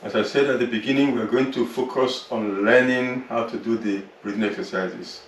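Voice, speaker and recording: A man teaching yoga, guiding a slow relaxation through the body and then breathing practice in a soothing, unhurried way. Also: medium pitch, steady tone. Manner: slow, soothing, drawn-out guidance. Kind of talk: guided relaxation and yoga instruction. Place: yoga class room. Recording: roomy, distant mic with faint noise.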